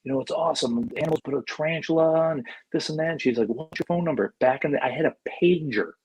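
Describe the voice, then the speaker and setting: Husky-voiced man telling lively stories. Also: on the high side, quick pace, dry recording, rough recording. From Buffalo, New York. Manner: animated, acts out quoted voices. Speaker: podcast guest. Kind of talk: casual storytelling.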